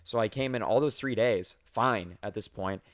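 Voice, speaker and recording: A young man hosting a podcast, telling work stories in a casual, profane, animated way. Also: on the low side, moderate pace, dry recording, clean studio sound. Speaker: podcast host.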